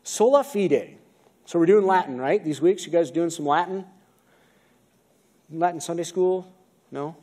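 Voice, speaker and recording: In a warm, slightly high voice, a man with an American accent preaches from the pulpit at a normal speed, leaving long pauses and asking his congregation questions. He's a pastor in a church sanctuary, recorded on a video-recorded pulpit mic.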